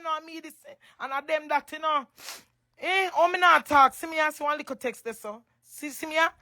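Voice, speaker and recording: Here a Jamaican woman known on social media delivers a tearful, emotional livestream rant. Her high-pitched voice has a sharp edge and moves a little fast, and she is emphatic and repetitive, raising her voice now and then.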